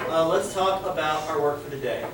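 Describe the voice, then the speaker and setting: A male teacher with a high voice runs a lively lesson, throwing questions at the class and slipping in Spanish phrases. He is picked up from across the room, so the sound is distant and echoey, with a faint hiss underneath. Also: fairly quick. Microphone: camera across the room.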